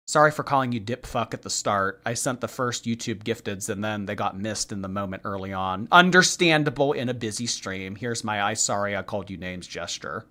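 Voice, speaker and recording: A man hosting a livestream, reading viewer messages aloud and answering with quick snarky reactions. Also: fairly low pitch, fairly bright tone. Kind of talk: casual livestream chat.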